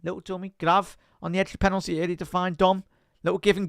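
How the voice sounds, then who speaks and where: A high, bright male voice hosting a live football watch-along. He talks casually through the match like a fan, reads out viewer chat and bursts into loud cheers when chances fall. The sound is crisp and dry, close to the mic. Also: flat delivery, fast talker, no room sound. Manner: chatty fan commentary, erupts into shouting at goals.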